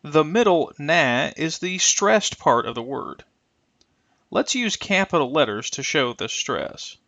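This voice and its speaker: Man, pronunciation teacher, bright lively voice, dry slightly muffled recording. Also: a little high, gravelly, no echo. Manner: careful, deliberate, stretches example sounds. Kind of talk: scripted instructional narration.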